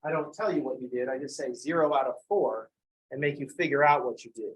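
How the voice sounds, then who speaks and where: A man giving a math lecture, joking with sarcastic asides and acting out students in quick voices. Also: mid-range voice, poor audio. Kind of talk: recorded classroom lecture.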